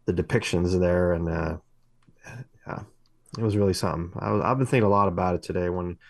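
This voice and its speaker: A man's voice: sits low, fairly quick, vocal fry, no room sound. A middle-aged man co-hosting a podcast, telling long rambling stories with many fillers and restarts. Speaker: podcast co-host. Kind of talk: casual podcast chat.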